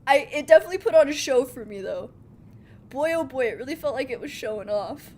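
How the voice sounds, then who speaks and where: A young woman streaming a game live, excitable and chatty, often laughing and reacting to viewers. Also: high voice, quick pace. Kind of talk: live gameplay commentary.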